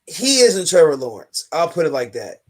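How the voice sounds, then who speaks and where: A man co-hosting a sports podcast, talking in a casual, animated, rambling way with many halting restarts. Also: on the high side. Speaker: podcast co-host.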